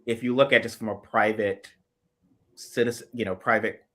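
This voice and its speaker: A man's voice: on the low side, steady tone, moderate pace, fairly bright tone. Rambling, hesitant male co-host. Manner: rambling, hesitant, thinks aloud. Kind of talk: casual live chat interview.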